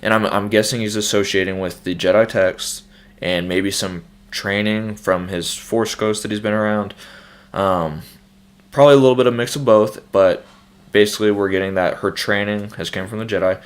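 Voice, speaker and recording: Young man, host, fairly low voice, casual speculative commentary, filler-heavy. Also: fairly even intonation, normal speed. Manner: loose, speculative, many fillers and restarts. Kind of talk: casual trailer breakdown commentary.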